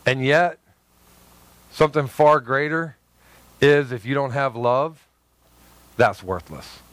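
A man's voice: medium pitch, takes it slowly, a bit bright, dry recording. A man preaching a sermon as a pastor, conversational and emphatic, often repeating himself and adding joking asides.

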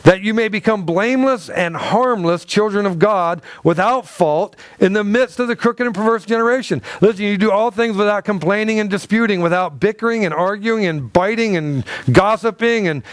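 A man preaching a sermon in a relaxed, conversational way, throwing out rhetorical questions and joking asides. His voice sits high for a man. The sound is close and dry, with little room to it. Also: dry recording. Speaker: pastor. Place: church hall.

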